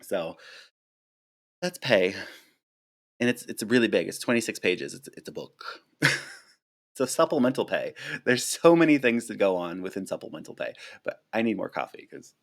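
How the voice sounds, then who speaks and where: A man casually answering viewer questions on a live stream, chatty and animated, with lots of fillers and restarts, speaking close to a desk mic at home. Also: on the low side, moderate pace, long pauses. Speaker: flight attendant streamer.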